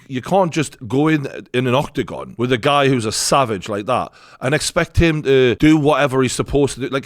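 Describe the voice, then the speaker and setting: A man with a Geordie accent talks in a casual, blunt way and swears freely as he reacts to fight footage. His voice sits at a middling pitch. The recording is dry and close. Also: no echo. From north-east England. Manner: blunt, sweary, laughs often. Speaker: host reacting to fight clips.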